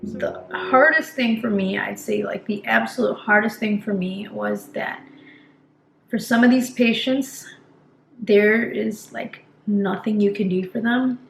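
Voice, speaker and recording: A young woman nurse talking earnestly to her viewers in a relaxed vlog, with a gravelly fry under her words. She pauses and restarts as she speaks. The room echoes around her over a faint background hiss. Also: mid-range voice. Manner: conversational and earnest, with fillers and restarts. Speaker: nurse vlogger. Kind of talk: casual vlog talk to camera.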